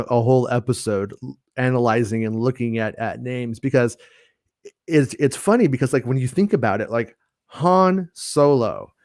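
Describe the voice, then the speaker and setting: A man's voice: mid-range voice, darkish tone, dry recording, studio quality. A man hosting a casual fan podcast, talking in a rambling way with many restarts. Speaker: podcast host. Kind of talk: casual chat.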